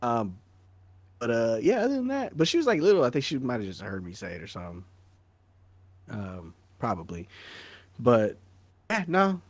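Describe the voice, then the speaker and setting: A man co-hosting a podcast, telling a story in casual chat, slangy and animated, with "bro" and "dog" peppering his talk. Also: medium pitch, moderate pace, long pauses, no echo. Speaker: podcast co-host.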